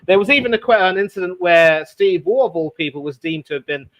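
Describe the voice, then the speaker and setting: A man hosting a casual sports chat, talking in an animated way with many fillers and restarts. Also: high voice, brisk. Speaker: sports show host.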